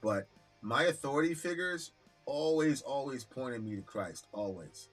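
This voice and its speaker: A man co-hosting a live stream, talking bluntly with a lot of profanity and animated storytelling. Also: medium pitch, unhurried, faint music behind. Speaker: co-host of a live reaction stream. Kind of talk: casual heated discussion.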